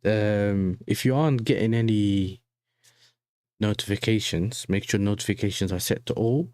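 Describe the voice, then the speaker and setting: A man's voice: lowish voice, moderate pace, a little mellow, no room sound, studio quality. A young man hosting a casual football livestream, chatty and full of slang, often asking "you know what I'm saying". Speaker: football fan channel host. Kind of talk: casual livestream reaction chat.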